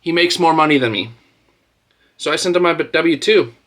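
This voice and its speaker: A man's voice: fairly high pitch, a little fast, a bit bright. A man in his thirties ranting to camera as a street racing vlogger, mocking and trash-talking with lots of swearing.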